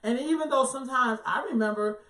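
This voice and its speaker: A woman's voice: high voice, fairly quick, background noise. A middle-aged woman co-hosting a casual talk show, telling stories in an earthy, emphatic way and swearing casually. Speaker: co-host. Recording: roomy echo, far from the mic.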